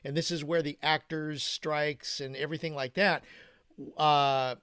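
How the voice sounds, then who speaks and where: A man as co-host of an online group session, explaining haltingly with many pauses. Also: fairly high pitch, fairly even intonation, a bit bright, clean tone, no room sound, studio quality.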